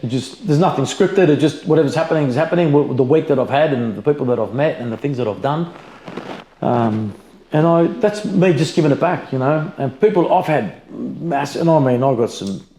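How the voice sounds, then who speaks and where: Fast-talking Australian businessman. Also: mid-range voice. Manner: animated storyteller, acts out quoted exchanges. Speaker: business founder and mentor, guest. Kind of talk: casual interview conversation. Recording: echoey room, faint ambience.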